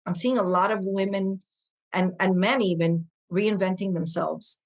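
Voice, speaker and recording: Woman in her 50s chatting on a podcast, upbeat and quick, acts out what people said. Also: mid-range voice. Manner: energetic, animated, quick-talking with lively quoted asides. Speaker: podcast guest. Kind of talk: conversational interview storytelling.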